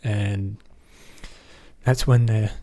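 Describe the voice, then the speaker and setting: A man's voice: lowish voice, fairly even intonation, drawn-out words, mellow. An Australian man recapping a movie in a rambling, casual way, often filling gaps with "basically" and "um". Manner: rambling, leans on fillers like "basically" and "um". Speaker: movie reviewer.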